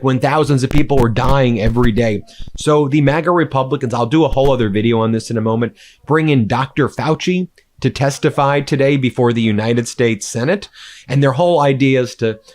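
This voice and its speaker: A man's voice: medium pitch, darkish tone, a little hiss or hum. A man doing heated political commentary, indignant and scornful, with many "uh"s.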